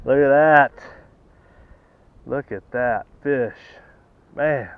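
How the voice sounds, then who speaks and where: Excitable man fishing from a kayak. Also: medium pitch, extremely slow, clean tone. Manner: excitable, repeats exclamations. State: out of breath. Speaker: kayak angler. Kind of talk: excited on-the-water fishing commentary. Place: on a kayak outdoors on a lake. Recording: dull lo-fi camera audio.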